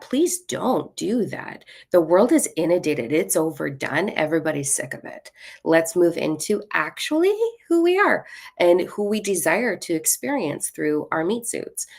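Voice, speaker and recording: Low, gravelly-voiced woman ranting bluntly. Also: darkish tone. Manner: blunt, ranting, swears freely; self-mocking and playful. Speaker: spiritual reader and live-stream host. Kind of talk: casual live-stream card reading.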